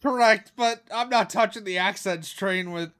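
Woman on a podcast, blunt and dry, shuts stuff down quick. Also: medium pitch, fairly bright tone, dry recording. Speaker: podcast co-host. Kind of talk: casual chat.

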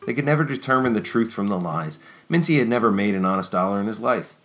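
Low-voiced male audiobook narrator. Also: lively intonation, quick pace, a bit bright.

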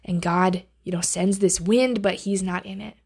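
A woman hosting a devotional podcast, reading and teaching from the Bible in an earnest way. She often drops to a hushed near-whisper on key phrases. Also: mid-range voice, fairly even intonation, moderate pace, creaky, slightly rough.

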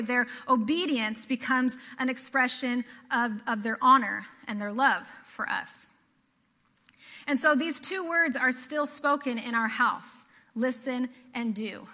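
A woman's voice: sits high, sharp tone, long reverb tail. A woman from the Pacific Northwest preaching a sermon to a church congregation, earnest and conversational, often repeating phrases. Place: church sanctuary.

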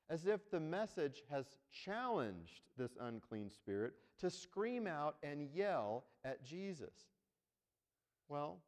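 A man's voice: fairly high pitch, a little mellow. A man preaching a sermon as pastor, talking to the congregation conversationally and checking in with "right?". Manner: conversational, tags points with "right?". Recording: long hall reverb.

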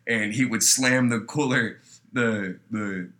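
A man's voice: on the low side, slow pace, a little hiss or hum. A young man in casual chat, swearing freely and telling a story about kitchen work. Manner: profane storyteller who shouts out the voices in his stories.

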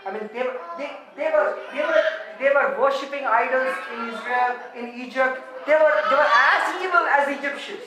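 A woman preaching a sermon, repeating phrases and drawing out shouted quotations for emphasis. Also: high-pitched, moderate pace. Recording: very echoey hall.

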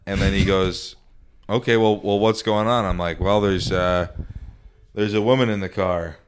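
A man's voice: low voice, fairly even intonation, normal speed, noisy background. A man casually telling a long story on a podcast, rambling with lots of fillers and restarts.

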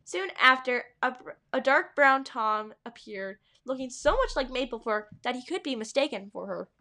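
A woman's voice: high voice, animated, normal speed, bright, forceful tone. A woman hosting a podcast, reading her old fanfiction aloud and breaking off with playful, giggly asides. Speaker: podcast host.

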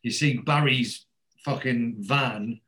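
A man in casual chat, retelling a TV episode and jumping into higher, louder voices for the characters he quotes. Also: slow.

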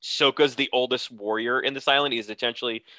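A man's voice: medium pitch, fairly even intonation, a little fast, sharp tone, dry recording. A man co-hosting a casual podcast, recapping a cartoon episode and breaking into silly character voices. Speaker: podcast co-host.

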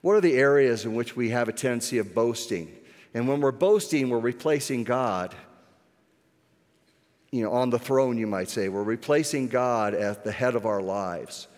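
A man preaching a sermon as pastor, earnest, slowing down on key points, with occasional restarts. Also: medium pitch, darkish tone. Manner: earnest, with restarts and slowed emphasis. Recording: echoey hall with long reverb.

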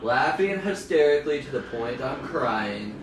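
A man's voice: medium pitch, animated, measured pace, reverberant, far from the mic, music in the background, low-quality recording. A man co-hosting a casual podcast, rambling and swearing as he chats and laughs easily. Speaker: podcast co-host. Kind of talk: casual drunk podcast chat.

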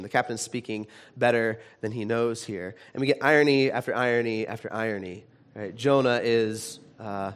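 A man of middling pitch preaches a sermon in a loose, conversational way. He stops and restarts his sentences often, and he gets animated whenever he retells a story. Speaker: pastor.

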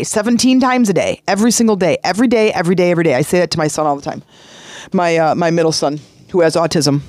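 A middle-aged woman hosts a self-help podcast, speaking earnestly and conversationally, repeating points and drifting into sing-song emphasis. Her voice sits on the low side and sounds a little mellow. The recording is dry, with clean studio sound.

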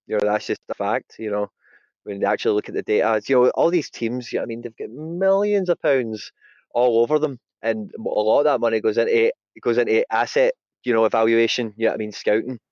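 A man's voice: fairly low pitch, brisk, a little mellow, no room sound. A man talking football casually on a podcast, rambling and tagging "you know what I mean" onto his points. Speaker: podcast guest. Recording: dull dry sound.

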